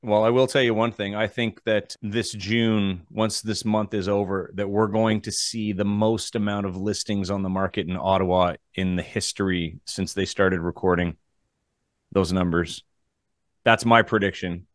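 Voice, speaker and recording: A man with a Canadian accent co-hosting a podcast as a realtor, chatting casually and relaxed, with frequent fillers. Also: fairly low pitch, moderate pace, no echo, studio quality. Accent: Canadian English. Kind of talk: casual chat.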